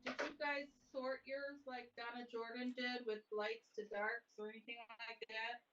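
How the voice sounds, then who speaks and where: A woman's voice: on the high side, level tone, moderate pace, a bit bright, highs cut off. An older woman joining a sewing stream as a guest, asking lots of questions to clarify. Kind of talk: casual chat.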